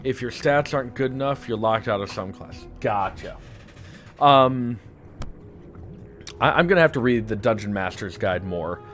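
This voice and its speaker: A man's voice: mid-range voice, lively intonation, normal speed, pauses often, a bit bright, faint music behind. A young adult man with a lisp chatting casually while streaming a game, rambling and joking with lots of filler words. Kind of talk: casual live-stream commentary.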